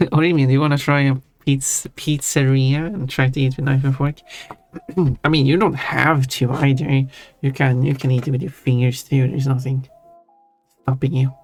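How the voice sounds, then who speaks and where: A man hosting a livestream, answering chat casually in a halting way and chuckling. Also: medium pitch, level tone, darkish tone. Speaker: livestream host. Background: faint background music.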